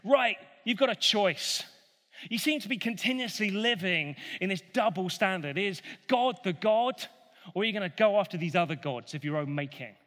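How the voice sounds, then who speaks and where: A man acts out a bold, defiant male prophet of old, confident and a little mocking. The voice is high and bright, and it carries a long reverberant tail. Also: animated, moderate pace. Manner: confident, teasing.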